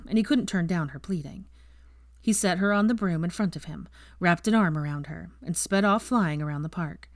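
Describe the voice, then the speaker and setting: A woman narrating fan fiction in a calm, even reading voice. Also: on the low side, dry recording, clean studio sound. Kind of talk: storybook narration.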